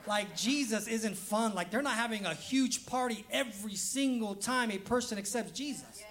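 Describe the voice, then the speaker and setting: A man's voice: sits high, moderate pace, a bit bright. A man preaching a casual, humorous sermon as pastor, laughing often and acting out quoted voices.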